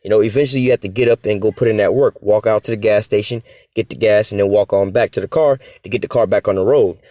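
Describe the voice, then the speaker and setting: A man's voice: on the low side, fast, mellow, no echo. A man preaching informally on scripture, in blunt, casual street talk, often tagging "man" and "whatever, whatnot.". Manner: blunt, swears in passing. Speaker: preacher of a religious group.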